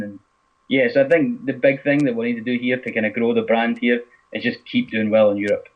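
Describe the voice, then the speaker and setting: A man's voice: medium pitch, fairly even intonation. A man with a Scottish accent, a guest football writer talking in casual podcast chat, rambling with lots of fillers. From Scotland. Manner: fast, rambling, lots of "you know". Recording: muffled lo-fi podcast audio.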